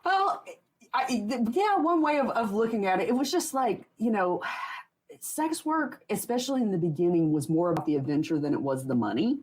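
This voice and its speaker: A woman's voice: medium pitch, lively intonation, moderate pace, a little mellow, husky. A woman in her forties, a podcast guest telling stories casually, rambling with frequent laughs and restarts. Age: 40s. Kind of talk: casual interview storytelling.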